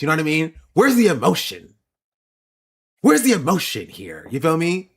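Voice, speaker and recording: A male streamer talks casually with his chat, answering questions as they come in. His pitch swings widely, and he laughs a lot and repeats himself to drive a point home. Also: sing-song, a little fast, a bit bright, breathy edge. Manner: laughs often and repeats phrases for emphasis.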